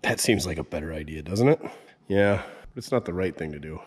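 A mechanic vlog host bantering and cracking slang jokes as he works on an old car in the shop, this man keeps up a casual running commentary. His low, darkish voice is expressive, fairly quick, and slightly rough.

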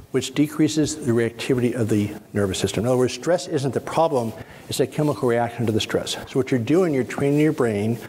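A middle-aged man speaking to a workshop audience, guiding them through an exercise and explaining with calm, step-by-step instruction. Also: medium pitch. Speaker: spine surgeon giving a workshop. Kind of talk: guided exercise and lecture to an audience. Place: conference hall. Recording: husky voice in a reverberant hall.

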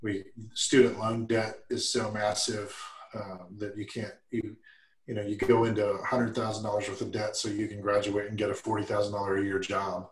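A man speaking as a podcast guest over a video call, halting and trailing off. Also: fairly low pitch, level tone, reverberant, rough recording. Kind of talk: casual video call chat.

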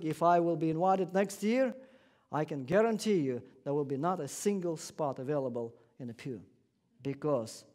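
A man's voice: on the high side, a little mellow. A man preaching a sermon in a church, emphatic and insistent, with non-native phrasing that drops small words. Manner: emphatic, repeats guarantees. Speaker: guest preacher. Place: church sanctuary.

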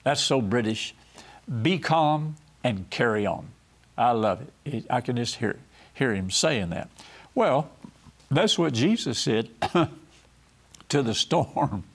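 A man's voice: medium pitch, lively intonation, slow, pauses often, breathy edge. A man preaching a televised sermon, telling folksy stories and acting out quoted voices. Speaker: pastor and TV host.

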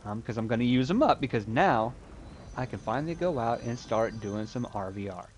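A man's voice: medium pitch, lively intonation, a little fast, a little hiss or hum. A man streaming a game, rambling to himself in casual commentary and swearing freely.

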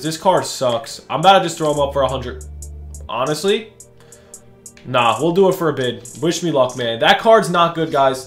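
Hyped young gamer man, echoey room. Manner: hyped, excitable, slangy; swings from loud shouting to low muttering. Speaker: gaming YouTuber. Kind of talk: casual pack-opening commentary.

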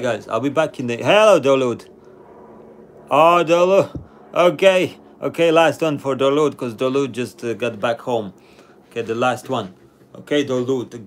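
A man's voice: mid-range voice, a little hiss or hum. A man hosting a live stream number game, chatting with viewers and reading out their names and rankings. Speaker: livestream host.

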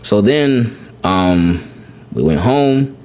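Casual lowish-voiced man telling a story. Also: drawn-out words. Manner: rambling, repeats words, animated when quoting his son. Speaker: podcast host.

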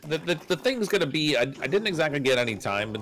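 Animated male gamer co-player. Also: fairly high pitch, fast. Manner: rambling, hesitant with restarts and fillers. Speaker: streamer co-player. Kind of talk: casual gameplay chat.

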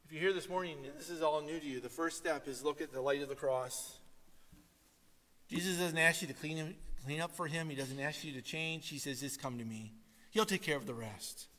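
A male pastor preaching an animated sermon, telling stories and breaking into loud, emphatic calls to his congregation. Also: a little high, long reverb tail. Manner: animated storytelling with sudden loud emphatic exhortations. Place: church sanctuary.

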